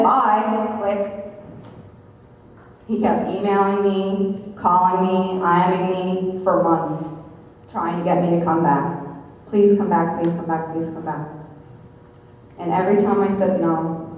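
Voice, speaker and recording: A woman in her thirties, a guest speaker giving an earnest, measured personal testimony. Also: on the low side, warm tone. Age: 30s. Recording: echoey hall, mic far off.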